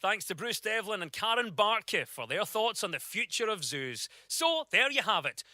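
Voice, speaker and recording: A man hosting a comedy panel show, reading news items briskly and laughing easily. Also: sits high, big pitch swings, sharp tone, no echo, clean studio sound. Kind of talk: scripted news-parody presenting.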